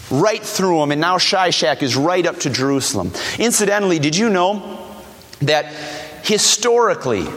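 A man's voice: on the high side, fairly bright tone, big-room sound. A man preaching a sermon, emphatic and repeating key words, dropping his voice to quote scripture.

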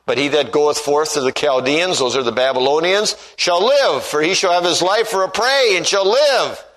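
A man's voice: a little high, animated, moderate pace, fairly bright tone, poor audio. A man preaching a sermon who tells stories and acts out the voices he quotes, and reads scripture in old-fashioned wording.

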